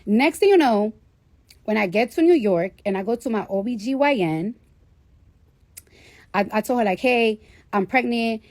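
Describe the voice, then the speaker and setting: A woman's voice: fairly high pitch, expressive, normal speed, long pauses, darkish tone, dry recording. Candid, foul-mouthed woman telling a story. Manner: candid, profanity-laden, chatty. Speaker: livestreamer. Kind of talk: casual storytelling to a live audience.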